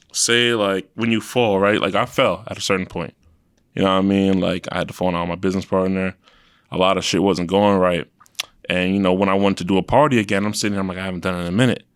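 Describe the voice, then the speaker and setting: A young man with a New York accent, his voice sitting on the low side, tells stories in a blunt, profane way. He breaks into lively quoted lines of what he and his friends said. The sound is close and dry, with no room in it. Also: brisk, no echo. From Queens, New York. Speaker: podcast guest, event promoter. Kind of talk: casual interview chat.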